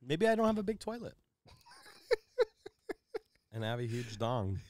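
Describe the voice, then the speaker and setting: A man's voice: medium pitch, slow. A man co-hosting a podcast, telling crude stories with lots of laughter in casual conversation. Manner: crude, laughs a lot, animated storytelling. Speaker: podcast co-host. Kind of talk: casual chat.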